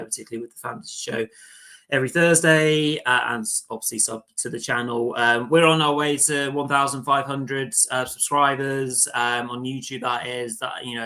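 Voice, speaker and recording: Bright-voiced man hosting a live football show. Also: medium pitch, low-quality recording. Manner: chatty, many fillers and restarts. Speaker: host.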